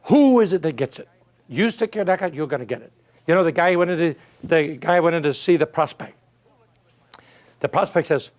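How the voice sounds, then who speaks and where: High-voiced, emphatic motivational speaker man. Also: lively intonation, brisk, a little mellow. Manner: emphatic, rhetorical questions, storytelling. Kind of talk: folksy motivational speech.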